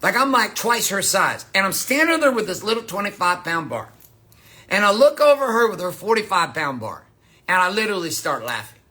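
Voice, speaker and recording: A man's voice: sits high, big pitch swings, a little fast, pushed and bright. A man giving a blunt, profane motivational monologue as a coach.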